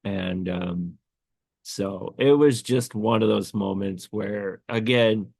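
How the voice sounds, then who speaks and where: A man's voice: lowish voice, slow, gravelly, a little mellow, slightly rough, no echo. A man hosting a podcast, telling a personal story in a rambling way with many fillers and restarts, tearful and choked up. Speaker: podcast host.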